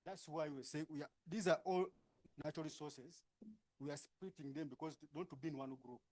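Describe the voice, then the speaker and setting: A man with a high-pitched voice and a Ugandan English accent leads a workshop session in a conference room. He gives brisk instructions and keeps checking with tag questions. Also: fairly even intonation, darkish tone. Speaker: workshop facilitator. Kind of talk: directing participants into groups.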